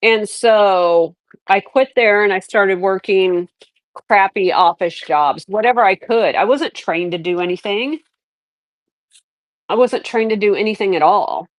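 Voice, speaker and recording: A woman's voice: medium pitch, a little slow, no room sound. Middle-aged lady rambling on her livestream, candid, lots of restarts, dry close sound. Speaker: livestream host. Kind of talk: casual livestream chat.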